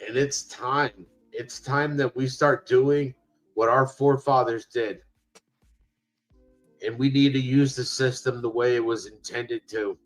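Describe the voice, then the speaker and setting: Slow, earnest man urging action. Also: mid-range voice, fairly bright tone, poor audio. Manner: earnest, repetitive, emphatic. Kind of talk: livestream speech.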